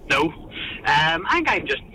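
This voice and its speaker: Male caller, dry jokes, very bright tone, phoning from the car. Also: fairly high pitch, sing-song, normal speed, a little hiss or hum, poor audio. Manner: dry, joking. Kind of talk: casual phone chat. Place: car, driving. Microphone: phone.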